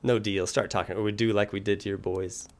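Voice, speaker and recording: A man chatting casually while playing a video game, relaxed and laughing easily. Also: fairly low pitch, fast talker, a little hiss or hum. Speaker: game streamer. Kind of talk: casual let's play commentary.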